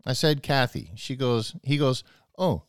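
A man's voice: medium pitch, measured pace, no room sound, clean studio sound. A man telling a long personal story in casual chat, rambling, restarting his sentences, and acting out both sides of the conversation.

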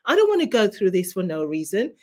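A woman's voice: mid-range voice, wildly swooping pitch, quick pace, dark tone. A woman who is a guest author, sharing a fervent faith testimony in an interview. She speaks like a preacher and repeats key phrases for emphasis.

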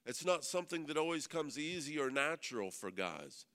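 Pastor preaching to men. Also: male voice, a little high, sing-song, a bit bright, clear, resonant tone. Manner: preaching with frequent "Amen?" call-outs to the audience; reads scripture aloud slowly and with emphasis. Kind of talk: sermon at a men's meeting.

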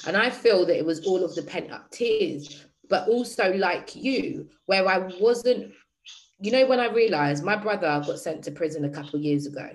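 A woman's voice: lowish voice, lively intonation, normal speed, rough recording. A woman hosting a group session, speaking candidly and addressing the group directly in casual talk. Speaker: workshop host.

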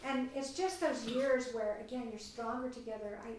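A woman leading a parenting class for a small group, chatty and lively in how she tells stories. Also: on the high side, normal speed, background noise. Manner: chatty, acts out quoted voices. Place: meeting room with a small group. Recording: echoey room, mic far off.

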